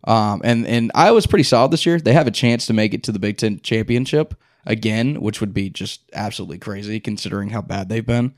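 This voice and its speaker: A man's voice: lowish voice, a little fast, few pauses, no echo. Guy chatting football picks, rambly, dry close sound. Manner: rambling, filler-heavy, joking. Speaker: podcast co-host. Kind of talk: casual sports chat.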